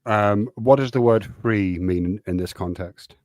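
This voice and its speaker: A man's voice: on the low side, unhurried, a little mellow, no room sound, clean studio sound. A man debating online, a little drunk, combative and cursing, cutting in often. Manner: combative, interrupts, curses.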